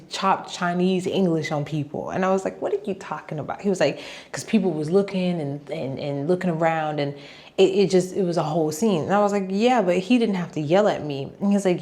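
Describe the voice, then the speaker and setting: A young woman with a low voice tells a storytime vlog casually. Her talk is chatty and animated, and she drops into quoted asides as she retells what happened. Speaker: vlogger.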